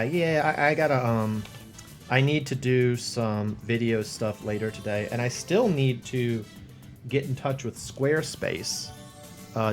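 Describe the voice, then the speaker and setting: Rambling man chatting on a stream. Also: medium pitch. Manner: rambling, thinks aloud, chuckles at himself. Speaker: livestream host painting a model. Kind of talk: casual live-stream chat with viewers. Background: faint background music.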